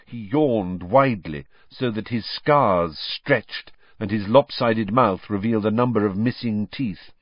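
A man narrating an audiobook with expressive storytelling and character voices. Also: fairly low pitch, unhurried, few pauses, no echo, highs cut off.

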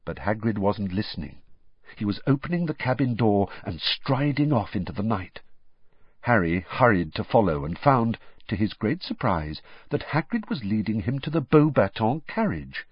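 Husky-voiced man narrating an audiobook. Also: on the low side, normal speed, no room sound. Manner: expressive, varied storytelling. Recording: dull, dry lo-fi recording.

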